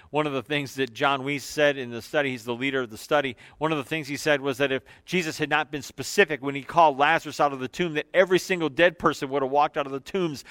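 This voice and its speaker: A man preaching a sermon in repeated, emphatic phrases. He slows down and drops quiet on key words, with loose asides and fillers between passages. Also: fairly high pitch, no room sound. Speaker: pastor.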